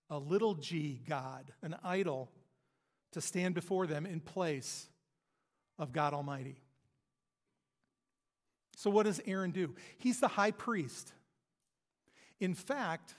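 Male preacher, high pitch, storytelling delivery with long reverb from the sanctuary. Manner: storytelling, emphatic pauses. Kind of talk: sermon. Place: church sanctuary.

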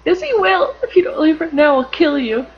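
A woman voicing a cocky young bully boy who makes loud threats. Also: sits high, expressive, brisk, pitched above the performer's own voice. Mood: threatening. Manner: boastful, loud. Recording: muffled recording, faint music.

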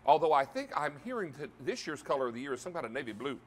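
A man's voice: on the high side, very animated, very fast. A man hosting a live TV shopping show, chatty and upbeat, calling out stock counts as he sells. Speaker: TV shopping host. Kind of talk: live home shopping presentation.

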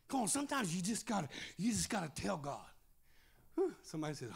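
A pastor preaching a fiery revival sermon in a church service, shouting and sing-song, punctuating phrases with "uh". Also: male voice, high voice, sing-song, fairly quick, creaky, husky.

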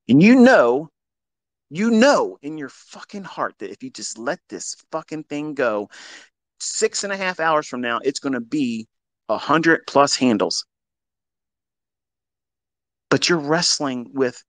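A man teaching trading in a live audio talk, blunt and heavily profane, swinging between loud emphatic bursts and quieter asides. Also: a little high, big pitch swings, unhurried, pauses often, no echo. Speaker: trading educator.

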